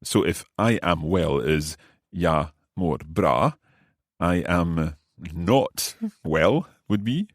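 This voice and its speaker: A man with a very low voice hosts a language lesson podcast, playing the learner. He asks curious questions, repeats new words slowly and laughs easily. The sound is dry and close, with no room echo. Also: animated. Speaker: host and learner.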